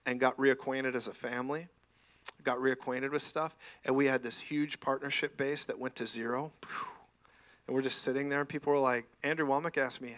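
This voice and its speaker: A man's voice: mid-range voice, a bit bright. Enthusiastic man preaching in church. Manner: enthusiastic, laughing asides, frequent praise interjections. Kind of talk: lively sermon with stories. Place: church sanctuary.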